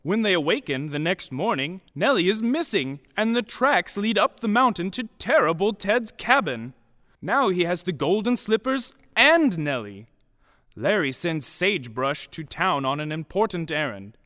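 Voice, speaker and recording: A man's voice: high-pitched, very animated, normal speed, pushed and bright, long reverb tail. A man narrating a playful western story in a sing-song storybook manner.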